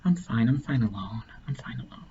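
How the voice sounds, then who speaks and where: Sad breathy young waitress, all whispery and soft, guy doing her voice, kinda dark tone, dull-ish recording. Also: mid-range voice, fairly even intonation, normal speed, slight background noise, lightly acted. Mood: forlorn.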